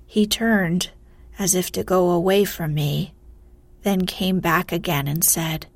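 Woman storyteller, hushed and breathy, unhurried, dry close sound. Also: lowish voice, fairly even intonation, dry recording. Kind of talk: soft storybook narration.

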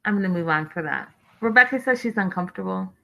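Bright-voiced chatty woman recapping TV. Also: mid-range voice, expressive, fast talker, vocal fry. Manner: chatty, opinionated, exasperated asides. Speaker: reality TV recap host. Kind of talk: casual live-stream commentary.

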